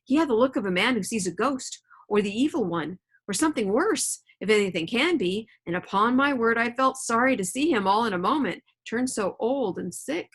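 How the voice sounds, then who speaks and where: Husky-voiced teacher reading aloud. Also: female voice, a little high, expressive, normal speed, few pauses. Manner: casual, chatty explanations with check-ins. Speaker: middle school teacher. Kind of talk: reading a novel aloud and explaining it to students. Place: home.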